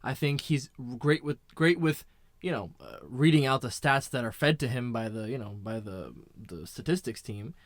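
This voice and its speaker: A man co-hosting a casual sports podcast, talking in a measured way full of you know and right. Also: mid-range voice, expressive, dry recording, studio quality. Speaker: podcast co-host.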